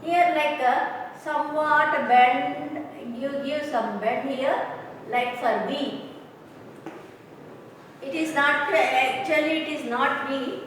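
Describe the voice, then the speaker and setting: A woman teaching pronunciation in a slow, repetitive classroom lecture, often checking if students understand. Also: high voice, a bit bright, slight background noise. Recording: echoey classroom, voice from far off, faint ambience.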